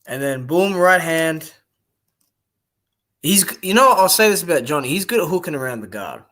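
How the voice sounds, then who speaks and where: A man's voice: fairly high pitch, animated, normal speed, pushed and bright. A young man giving casual, rambling live-stream commentary on boxing, blunt and swearing freely.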